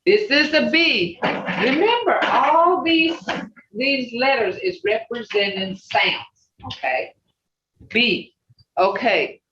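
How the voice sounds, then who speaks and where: A language teacher giving a slow, repetitive pronunciation lesson over a video call, often checking in with "okay?". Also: medium pitch, lively intonation, sharp tone, slight background noise. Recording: roomy, muffled video-call audio.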